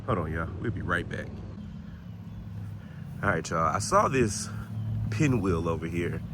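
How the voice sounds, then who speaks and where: Male vlogger, relaxed and chatty, lowish voice, outdoors with faint street sound. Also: unhurried, background noise. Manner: laid-back, chatty, laughs often. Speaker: paranormal vlogger. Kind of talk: casual spoken vlog. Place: outdoors in a city cemetery.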